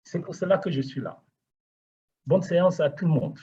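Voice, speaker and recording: A man's voice: on the high side, brisk, warm tone, slight background noise. A man from Côte d'Ivoire, giving a formal, earnest self-introduction as a club president. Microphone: video call. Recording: muffled online call audio.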